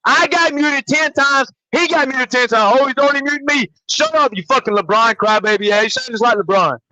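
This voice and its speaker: A man co-hosting a basketball podcast rants angrily and fast, swearing constantly, in a very high-pitched, bright, forceful voice. The recording is rough, with no room sound.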